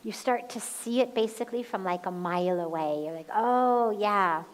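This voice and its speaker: A woman spiritual teacher answering a question in a calm, measured talk and guiding a slow breathing exercise aloud. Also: on the low side, poor audio. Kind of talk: slow, gentle satsang talk. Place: satsang hall.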